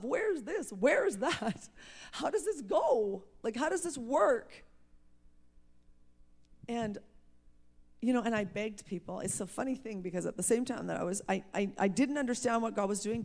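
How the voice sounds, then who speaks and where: A woman preacher tells her own testimony, frank and emphatic, with frequent self-mocking laughs. Her voice carries a gravelly fry at a middle pitch. She talks candidly, as if to a congregation. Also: a little mellow. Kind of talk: personal testimony in a sermon.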